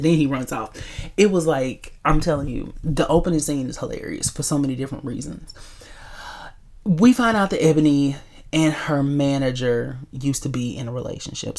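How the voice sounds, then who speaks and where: A chatty woman reviewing a movie for her vlog, speaking straight to her viewers. Her voice is low and her delivery is animated and informal. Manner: chatty, animated, addresses viewers as y'all, laughs often. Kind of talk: casual chat.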